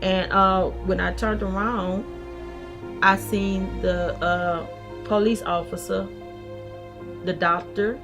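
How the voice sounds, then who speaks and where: A woman's voice: medium pitch, steady tone, slow pace, pauses often, over music. A middle-aged woman, telling her story in a documentary interview and acting out what people said. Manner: vivid retelling, acting out past dialogue. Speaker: interviewee, mother of a shooting victim.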